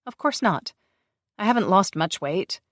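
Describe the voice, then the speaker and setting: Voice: medium pitch, gravelly, no room sound, studio quality, voice pushed up, natural voice. An audiobook narrator voicing a stubborn young human woman who snaps back indignantly. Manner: indignant, quick to snap back.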